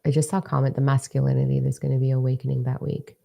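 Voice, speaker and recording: Woman with a really deep gravelly voice, swears a lot, blunt and fired up, chatting to her followers. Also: racing. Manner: blunt, profane and energetic. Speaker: mentor and social media creator. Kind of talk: casual livestream talk to followers.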